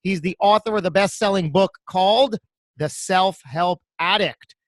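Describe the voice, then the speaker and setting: Enthusiastic male interviewer, high pitch, effusive delivery. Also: measured pace, no room sound, studio quality. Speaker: podcast host. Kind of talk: interview hosting.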